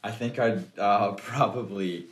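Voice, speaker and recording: Deep-voiced young guy, podcast guest, hedgy and jokey, echoey room. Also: steady tone, unhurried. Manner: thoughtful, hedging, jokey asides. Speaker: interview guest. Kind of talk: casual podcast interview.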